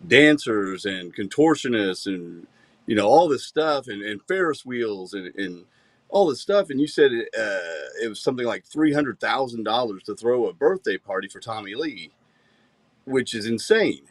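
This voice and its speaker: A man hosting a podcast, asking relaxed, probing questions in a casual chat. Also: fairly low pitch, moderate pace, no room sound. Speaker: podcast host.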